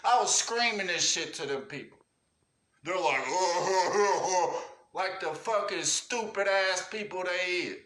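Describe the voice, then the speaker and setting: A man's voice: high-pitched, a little slow, pushed and bright, reverberant. A man hosting a livestream rant, angry and profane, talking street slang and cussing at viewers. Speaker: livestream host. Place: indoors at home.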